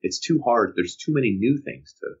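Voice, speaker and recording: A man's voice: mid-range voice, fairly quick, breathy edge, highs cut off. A man co-hosting a podcast, chatting casually and acting out the people in his stories. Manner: animated storyteller, mimics people he describes. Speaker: podcast co-host. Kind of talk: casual chat. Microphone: video call.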